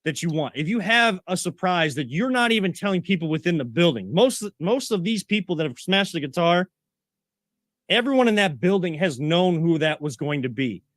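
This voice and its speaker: A man's voice: fairly high pitch, animated, moderate pace, a bit bright, no room sound, clean studio sound. A man co-hosting a sports talk show, ranting and getting worked up as he makes his point. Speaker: co-host.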